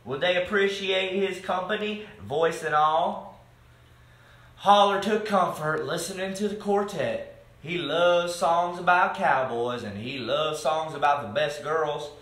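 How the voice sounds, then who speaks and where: Expressive man reading a storybook aloud. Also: fairly high pitch, a little slow. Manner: expressive, talks to the children between pages. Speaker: reader reading aloud to children. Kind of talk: reading a picture book aloud. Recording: echoey room.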